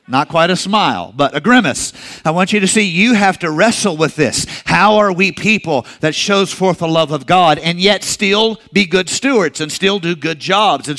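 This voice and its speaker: A man's voice: a little high, a bit bright. A middle-aged male pastor preaching a sermon in a conversational way, with personal asides and occasional restarts.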